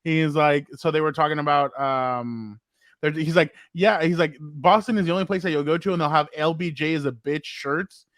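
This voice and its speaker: A man's voice: a little high, moderate pace, fairly bright tone, no room sound, studio quality. A man co-hosting a sports podcast in casual chat, rambling with lots of fillers and acted-out quotes. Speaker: podcast co-host.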